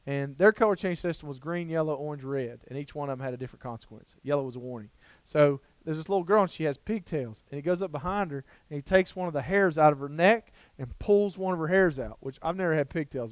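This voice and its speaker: A man's voice: fairly high pitch, clean tone, no echo. A middle-aged man giving a down-to-earth, jokey storytelling talk on child development to an audience. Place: lecture room before an audience.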